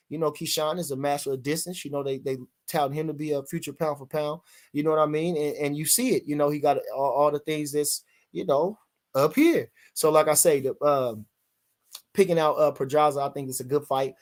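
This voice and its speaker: A man's voice: fairly high pitch, moderate pace. An older man, hosting a casual live boxing stream in a rambling way, full of fillers, reading out chat comments. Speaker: podcast host.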